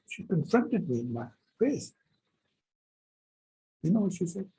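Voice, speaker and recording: A male university professor giving a lecture, telling a personal story in an animated, emphatic way with many repetitions. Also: high-pitched, a little slow, pauses often, slightly rough, poor audio.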